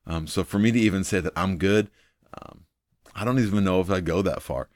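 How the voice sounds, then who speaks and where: A man's voice: deep voice, a little fast, a little mellow, no room sound, studio quality. A man hosting a devotional video, teaching from the Bible in an earnest, thinking-aloud way, full of ums and repeating his main points.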